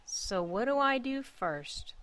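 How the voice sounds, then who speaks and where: A woman doing a softly taunting young man. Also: a little high, animated, slow, dry recording, voice pushed up. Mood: teasing. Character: teasing young man, playful dominant lover.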